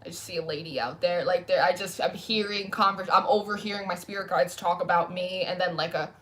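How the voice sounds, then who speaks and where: A woman's voice: lowish voice, steady tone, a little fast, fairly bright tone. A young woman chatting casually on a livestream as a tarot reader, rambling as she reads and answers viewer comments. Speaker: tarot reader streaming live. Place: home room lit by candles.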